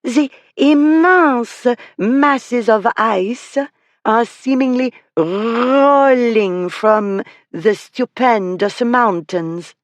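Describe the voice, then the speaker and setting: A narrator voicing a lively young lady who puts on exaggerated mock Italian and French accents, rolling her R's and stretching words. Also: medium pitch, very slow, no echo, pitched above the performer's own voice. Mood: playful. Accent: mock Italian, then mock French. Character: lively young lady mimicking foreign tourist guides.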